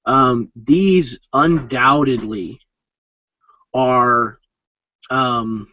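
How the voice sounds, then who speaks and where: Man, game master, tabletop narration, halting with ums, dull lo-fi audio. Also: medium pitch, sharp tone, no room sound. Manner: hesitant, many ums while explaining. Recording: dull lo-fi sound.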